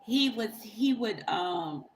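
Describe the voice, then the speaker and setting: A woman's voice: on the high side, expressive, slow, slight background noise, rough recording. A woman tarot reader telling a story in a rambling, profane, casual way on a livestream, often breaking into laughter.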